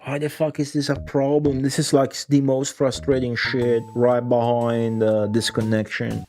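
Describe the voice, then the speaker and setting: This young man playing a retro game on stream chats offhandedly with viewers, swearing freely and responding to their messages. His mid-range voice has a darkish tone, little pitch movement and normal speed.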